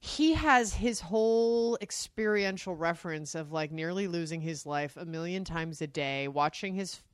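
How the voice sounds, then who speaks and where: Emotional rambling woman, low and dry. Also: expressive, normal speed, clear, resonant tone, no room sound. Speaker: podcast co-host. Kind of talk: casual chat.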